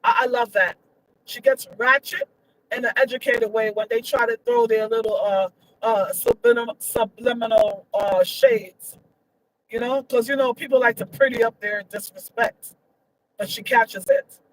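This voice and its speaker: A woman's voice: a little high, steady tone, moderate pace, rough recording. A woman giving her opinions in a casual vlog, emphatic and repetitive, her voice leaping up when she gets indignant. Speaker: vlogger.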